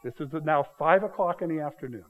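A man with a slightly higher voice preaches through a scripture passage verse by verse. He keeps it conversational, often checking in with his listeners with quick rhetorical questions. He puts lively emphasis on the key points. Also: phone-quality sound. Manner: paraphrases the text with lively emphasis. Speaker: pastor. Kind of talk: expository sermon on scripture.

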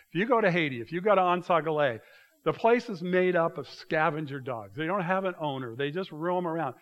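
A pastor giving a conversational sermon, animated and full of restarts, speaking to a church congregation. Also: male voice, on the high side.

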